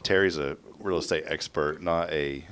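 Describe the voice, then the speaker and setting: A man's voice: extremely low pitch, fairly even intonation, moderate pace, a bit bright, smooth. A man hosting a morning radio show, chatting in a jokey, upbeat way, teasing his guests and giving the weather. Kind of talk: casual morning radio chat.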